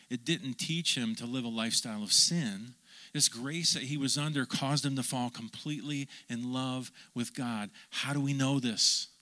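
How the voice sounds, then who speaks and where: A man, a pastor, preaching a lively sermon and calling on the congregation to answer back. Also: mid-range voice. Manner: animated, calls for audience response.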